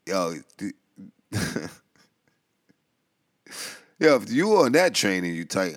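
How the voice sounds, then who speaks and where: A man's voice: sits low, lively intonation, slow pace, pauses often. A young man with a New York accent, hosting a casual podcast monologue in loose, profane storytelling style. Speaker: podcast host. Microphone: headphones and home mic.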